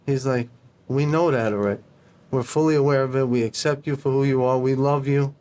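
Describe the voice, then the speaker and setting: This man is a podcast guest spinning an anecdote in casual talk. He swears freely and slips into the voices of the people he quotes. His pitch sits in an ordinary middle range. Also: brisk. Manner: animated, profane, acts out dialogue. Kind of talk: casual storytelling.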